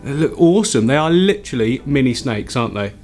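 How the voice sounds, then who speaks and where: A man hosting a casual aquarium vlog, chatty and excitable, laughing often. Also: mid-range voice, fast, soft background music. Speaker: aquarium vlogger.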